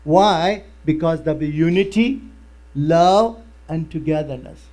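A male pastor preaching a sermon in non-native English, telling stories with lively, broken phrasing. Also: fairly high pitch, takes it slowly. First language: not English. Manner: animated storytelling with broken grammar.

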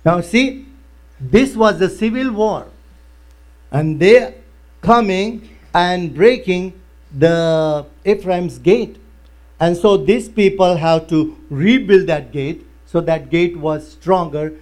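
Man preaching, not a native english speaker, high voice, tells stories animatedly. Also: takes it slowly. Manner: animated storytelling with broken grammar. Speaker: pastor. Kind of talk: sermon.

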